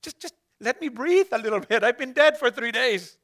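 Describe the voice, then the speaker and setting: A man preaching, briefly voicing a gentle, reassuring risen man who speaks in an easygoing way. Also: very high voice, animated, moderate pace, exaggerated voice. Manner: soothing, easygoing.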